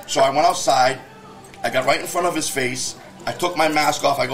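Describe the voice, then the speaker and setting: A man's voice: mid-range voice, fairly even intonation, a bit bright. A man, a guest on a podcast, ranting heatedly and cursing as he tells stories in casual conversation. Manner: heated, profane storytelling rant; quick, emphatic talk. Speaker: guest, business owner.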